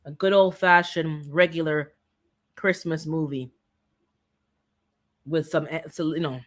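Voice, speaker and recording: A woman's voice: low-pitched, fairly even intonation, measured pace. A woman hosting a casual live-stream holiday trivia game, chatty and playful, teasing her viewers. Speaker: livestream host running holiday trivia.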